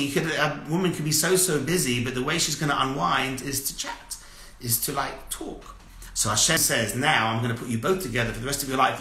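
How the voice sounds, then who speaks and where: A man giving a lively lecture as a rabbi, asking the audience questions over and over and telling stories with energy. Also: medium pitch, echoey room. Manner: asks repeated rhetorical questions, animated storytelling.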